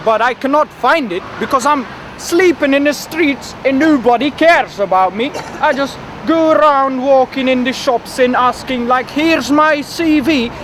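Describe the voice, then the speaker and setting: A man doing a put-on migrant, high and pleading, outdoors by traffic. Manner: pleading, aggrieved, rambling. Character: naive, boastful young man pretending to be a poor Irish migrant.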